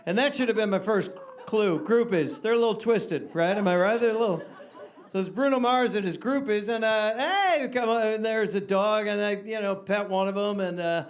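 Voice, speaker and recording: A man's voice: high voice, normal speed. A male comedian telling a rambling stand-up bit, chuckling and filling gaps with "uh". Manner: rambling, chuckling, lots of fillers.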